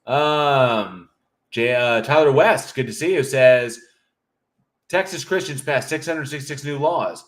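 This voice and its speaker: A man's voice: mid-range voice, measured pace. A man hosting a livestream in casual chat, reading viewer comments aloud and joking with a loose, profane manner. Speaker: livestream host.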